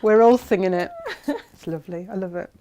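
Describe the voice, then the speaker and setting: A woman's voice: mid-range voice, brisk, noisy background. A woman co-hosting a live sewing show, chatting casually and giving practical cutting tips. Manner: gives steady sewing tips, agreeable. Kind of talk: casual live-stream chat.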